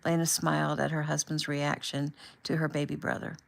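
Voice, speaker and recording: A woman reading her own novel aloud in a casual, relaxed, conversational manner. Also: low-pitched, normal speed, gravelly.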